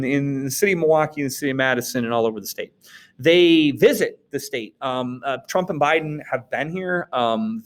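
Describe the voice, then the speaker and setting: Wisconsin man giving a casual class recap. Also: medium pitch. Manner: casual, joking asides, frequent "okay?" check-ins. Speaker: teacher. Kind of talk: recorded class recap lecture.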